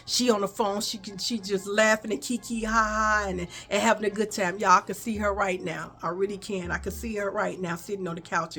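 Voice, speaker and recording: A woman vlogger telling a childhood story in an animated, conversational way, talking straight to her viewers. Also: medium pitch, breathy edge. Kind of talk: casual storytelling.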